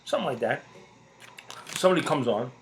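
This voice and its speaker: A man's voice: medium pitch, lively intonation, brisk, a little hiss or hum. Blunt, profane middle-aged man ranting. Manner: blunt, profane, emphatic, repeats points. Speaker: podcast host. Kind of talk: casual ranting monologue.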